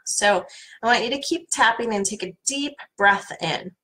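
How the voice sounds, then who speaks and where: A middle-aged woman coach leading a guided tapping workshop in a calm, soothing manner. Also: medium pitch, normal speed, rough recording. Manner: calm, soothing guidance with playful repeated names.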